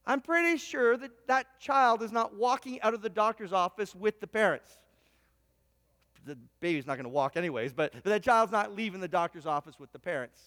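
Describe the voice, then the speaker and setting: A man's voice: high voice, animated, moderate pace, a bit bright. A man preaching a sermon, telling a long illustrative story with frequent stammered restarts. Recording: reverberant hall sound.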